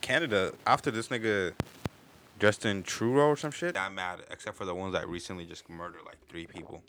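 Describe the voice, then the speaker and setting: A man's voice: deep voice, a little fast, fairly bright tone, slight background noise. A young man from Africa in casual chat, blunt and profane, ranting through his stories.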